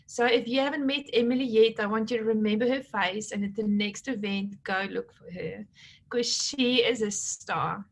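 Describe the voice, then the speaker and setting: A woman's voice: mid-range voice, moderate pace. A middle-aged woman leading her team, chatting casually as she hands out awards and retells conversations. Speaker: team leader presenting awards.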